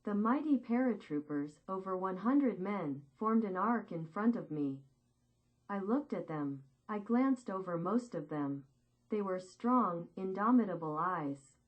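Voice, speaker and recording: Brief: woman narrator, first-person war memoir, measured and grave delivery, average pitch. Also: expressive, highs cut off.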